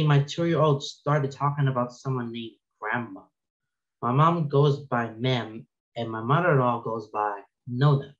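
A man hosts a reaction video, reading out creepy stories at an unhurried, drawn-out pace. He breaks in with startled exclamations and nervous laughter. The recording sounds slightly dull and lo-fi. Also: medium pitch. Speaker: channel host reading stories.

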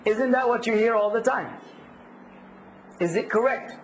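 A man teaching a workshop, lively, quizzing his audience and acting out hecklers. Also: very high voice, measured pace, slight background noise, poor audio. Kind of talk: workshop lecture.

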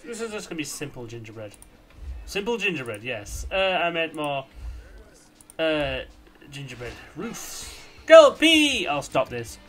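A young man casually commenting on his own gameplay, rambling and chatty, with sudden silly shouts. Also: mid-range voice, expressive, moderate pace, long pauses, soft background music. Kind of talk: casual let's-play commentary.

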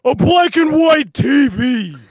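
A man voicing a chubby, childish male villain who taunts the heroes in slow, squeaky mockery. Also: lively intonation, dry recording, exaggerated voice. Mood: taunting. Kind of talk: comedic VR role-play.

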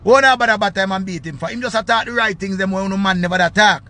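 A Jamaican man giving loud, excitable commentary on his channel, often repeating his phrases. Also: high voice, quick pace. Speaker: vlogger. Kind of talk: casual commentary.

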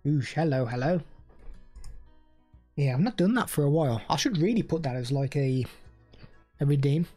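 Husky streamer chatting casually. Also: male voice, fairly high pitch, lively intonation, moderate pace, dark tone, soft background music. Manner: chatty, rambling, reads out chat messages. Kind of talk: casual live stream chat.

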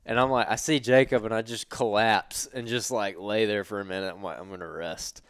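A man's voice: fairly low pitch, fairly quick, smooth, dry recording, clean studio sound. A man co-hosting a casual hunting podcast who tells stories and teases his friend. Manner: teasing, relaxed, laughs at his friend. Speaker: podcast co-host.

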